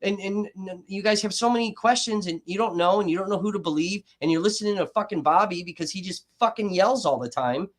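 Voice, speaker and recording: A man's voice: sits high, brisk, few pauses. A man hosting a livestream, reacting to trial footage with heated, profane commentary and getting worked up as he talks to his chat. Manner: angry, swears constantly, gets worked up and loud.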